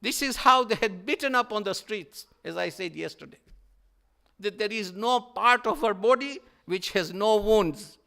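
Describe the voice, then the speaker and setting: Male preacher, mourning sermon, bright and crisp voice, impassioned retelling. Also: high-pitched, moderate pace. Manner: impassioned storytelling, repeats phrases.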